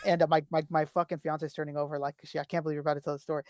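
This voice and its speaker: A man's voice: fairly high pitch, little pitch movement, racing, darkish tone, slight background noise. A man co-hosting a casual podcast, telling rambling anecdotes and swearing freely. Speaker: podcast co-host.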